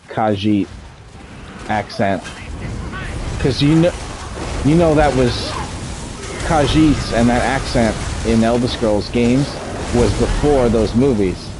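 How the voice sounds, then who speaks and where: A man's voice: mid-range voice, noisy background. A man streaming a game, chatting casually, explaining mechanics and swearing freely. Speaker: streamer playing an online game. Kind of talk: casual gameplay commentary.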